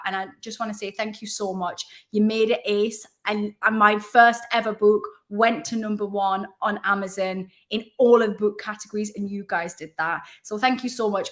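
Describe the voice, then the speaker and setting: A woman hosting a casual live stream. She chats to viewers in a rambling way and makes fun of herself as she goes. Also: medium pitch. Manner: chatty, warm-hearted, rambling with self-mocking asides. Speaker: livestream host.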